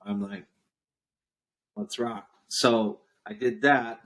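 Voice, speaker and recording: A man's voice: fairly low pitch, slow pace. A man, a podcast guest telling a business story and acting out what others said. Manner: animated storyteller acting out quotes. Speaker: guest entrepreneur. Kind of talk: storytelling interview chat.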